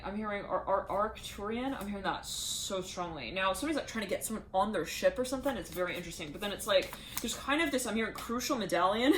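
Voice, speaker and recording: A woman's voice: medium pitch, fairly bright tone, a little hiss or hum. A woman giving a channeled tarot reading, rambling and laughing as she acts out the voices she says she hears. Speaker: tarot reader.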